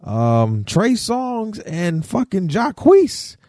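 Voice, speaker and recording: A man's voice: drawn-out words, noisy background. A man co-hosting a casual pop-culture podcast, teasing and cursing as he riffs straight at a celebrity. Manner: teasing, profane, riffing directly at a celebrity; animated, swings between low mutters and high exclamations. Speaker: podcast co-host.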